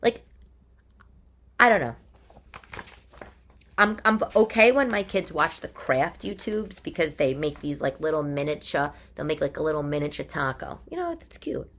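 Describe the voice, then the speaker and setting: Chatty New York mom, lowish voice. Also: female voice, very animated, normal speed, pauses often, a bit bright. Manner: chatty, opinionated, fires off rhetorical questions. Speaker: podcast host; mother. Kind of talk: casual monologue. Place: living room.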